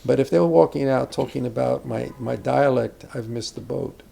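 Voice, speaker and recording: A man's voice: mid-range voice, normal speed, vocal fry, dark tone, a little hiss or hum. An older man, an acting teacher, speaking reflectively about character in a conversational interview, rambling with asides and restarts.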